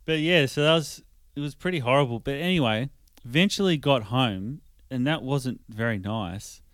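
Podcast co-host, man, casual, cursing, tells stories, smooth voice, dry close sound. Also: medium pitch, moderate pace, fairly bright tone, no room sound. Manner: swearing storyteller, acts out quotes. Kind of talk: casual comedic chat.

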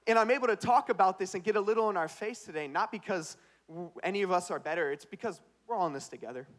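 A man's voice: sits high, fast. Young male pastor preaching playfully. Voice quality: animated, swings between hushed asides and loud punchlines. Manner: playful storytelling, drops into put-on voices for comic quotes. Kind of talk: sermon.

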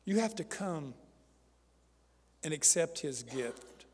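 High-voiced man preaching with fervent emphasis. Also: animated, slow pace, long reverb tail. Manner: repetitive, building to loud fervent emphasis; calls out to the congregation for responses. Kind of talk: sermon.

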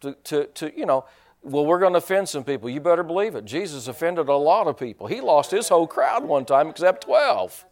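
A man's voice: on the high side, expressive, fairly quick. A man preaching a sermon in a folksy, joking way, restarting his sentences often. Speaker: pastor.

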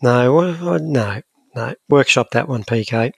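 Gravelly Scottish man chatting casually. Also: mid-range voice, expressive, measured pace, darkish tone, no echo. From Scotland. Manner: rambling, joking, self-deprecating. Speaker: podcast co-host. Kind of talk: casual chat.

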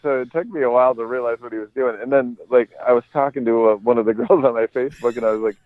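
A man's voice: mid-range voice, fairly even intonation, fast, dry recording. A man guest telling laid-back stories on a podcast, hesitant with many fillers, heard over a phone-like line. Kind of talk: casual storytelling.

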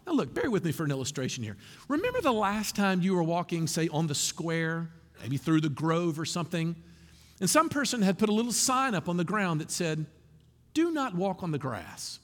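A man preaching a sermon as pastor, animated and conversational with asides to the congregation. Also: high voice, normal speed, long reverb tail.

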